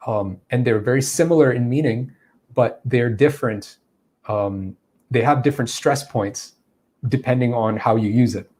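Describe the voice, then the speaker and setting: A man coaching English who reads viewer questions aloud, repeats them, then answers in a relaxed way. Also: mid-range voice. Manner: relaxed, with frequent fillers and restarts. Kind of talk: live Q&A.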